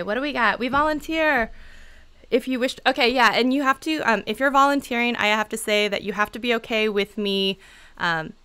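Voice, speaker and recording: A woman's voice: medium pitch, pushed and bright, clear, resonant tone. A woman chatting casually on a livestream, giving channel advice in a bubbly, talkative way and laughing often. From Seattle area.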